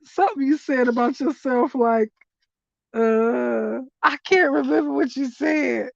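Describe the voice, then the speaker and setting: A high-voiced woman reads oracle cards on a live stream at an unhurried pace. She calls listeners honey and baby and breaks into loud, slangy exclamations. The audio is dry and dull, like a lo-fi stream. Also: creaky, no room sound. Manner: animated, exclaims loudly then reads slowly in a hushed voice. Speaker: spiritual reader hosting a livestream. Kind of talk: casual oracle card reading on a live stream.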